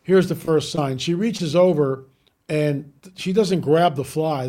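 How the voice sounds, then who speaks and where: A man, a guest on a talk show, telling a story with animated emphasis and repeating key lines. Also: fairly high pitch, takes it slowly. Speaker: guest, UFO researcher. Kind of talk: podcast interview storytelling.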